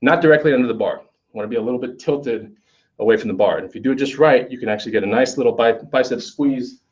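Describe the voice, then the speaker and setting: A male fitness instructor gives a chatty, casual workout demo indoors at a gym, speaking fast in a medium-pitched voice. He's conversational, often checking in with "okay?" He's recorded from a distance across the echoey gym, with dull sound.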